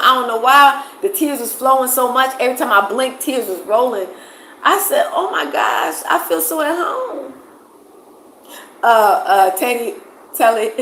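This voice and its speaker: A woman's voice: medium pitch, fairly bright tone, roomy sound, slight background noise, low-quality recording. A woman from the United States chatting casually on a livestream, emphatic and repeating phrases for stress, answering viewers. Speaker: vlogger answering live chat.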